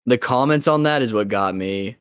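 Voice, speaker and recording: A man's voice: mid-range voice, moderate pace, smooth, no echo, studio quality. A young man hosting a podcast in casual chat, rambling loosely, laughing often and swearing freely. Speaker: podcast host.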